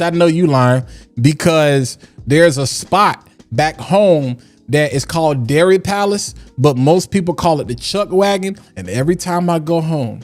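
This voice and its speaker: A man's voice: on the high side, darkish tone. A man hosting a casual livestream, talking in a preachy way and repeating lines for emphasis. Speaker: livestream host.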